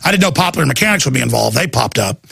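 A man hosting a talk radio show, ranting in an intense, rapid-fire, urgent way. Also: medium pitch, expressive, gravelly, pushed and bright, breathy edge, no echo, clean studio sound.

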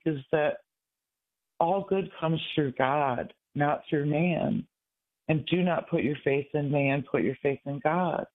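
Casting: older male caller from Michigan, earnest and rambling, slightly high voice, phone-line sound. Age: 60s. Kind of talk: call-in radio talk.

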